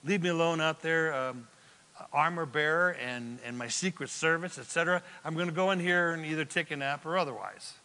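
A man voicing King Saul, offhand and brisk, waving off his attendants. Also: a little high, sharp tone. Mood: dismissive. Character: King Saul, a weary, dismissive older king. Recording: long hall reverb.

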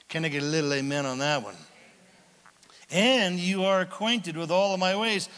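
Preaching man in a reverberant hall. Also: on the high side. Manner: conversational, animated, acts out little voices. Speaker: pastor. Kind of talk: sermon.

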